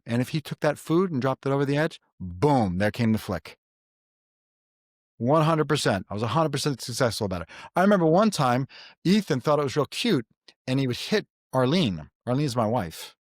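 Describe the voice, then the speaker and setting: A man's voice: mid-range voice, dry recording, clean studio sound. A middle-aged man hosting a podcast, giving earnest parenting advice in casual chat and telling stories with quoted voices. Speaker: podcast host.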